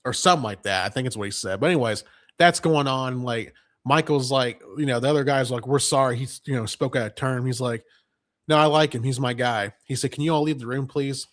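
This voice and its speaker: A man's voice: mid-range voice, a little fast, fairly bright tone. A man co-hosting a movie review chat, retelling scenes at length with lots of fillers and quoted lines. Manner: rambling recap full of fillers and quoted lines. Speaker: podcast co-host reviewing a film. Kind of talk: casual chat.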